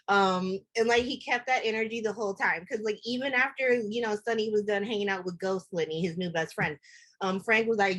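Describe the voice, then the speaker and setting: A woman guest-hosting a podcast in casual chat, animated and swearing casually. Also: mid-range voice, brisk. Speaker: guest host.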